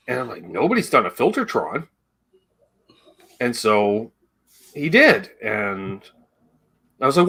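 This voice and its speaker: Man, livestream host, casual rambling chat, bright voice, lively swinging pitch. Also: slow, gravelly, long pauses, breathy edge. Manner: rambling, reads chat comments aloud, jokey asides.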